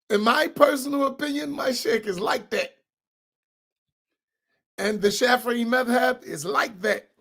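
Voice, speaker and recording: Man, imam, gravelly voice, informal teaching, keeps checking in with listeners. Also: very high-pitched, slow pace, long pauses, a bit bright. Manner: conversational, keeps asking listeners "right?"; emphatic, repeats key phrases. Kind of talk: informal religious class talk.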